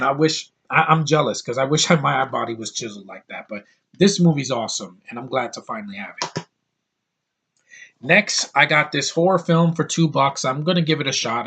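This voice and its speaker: A man's voice: medium pitch, a bit bright, slightly rough. Blunt, opinionated man in his thirties. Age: 30s. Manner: blunt, opinionated and rambling with crude outbursts. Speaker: YouTube reviewer. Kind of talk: casual DVD haul vlog.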